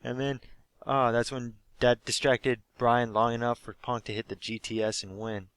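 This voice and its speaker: A young man with a sore, hoarse throat, recapping a live wrestling show he went to in an animated, swear-heavy way. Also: mid-range voice, normal speed, no room sound. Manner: animated storytelling, swears freely, acts out quotes. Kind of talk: casual excited recap.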